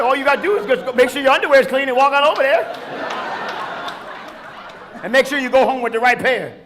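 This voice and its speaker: A man with a high-pitched voice does a stand-up set in a club, teasing the crowd and swearing freely. The live audience murmurs and laughs underneath him. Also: roomy sound, background noise. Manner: brash, profane, teasing the audience. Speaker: stand-up comedian. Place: comedy club stage.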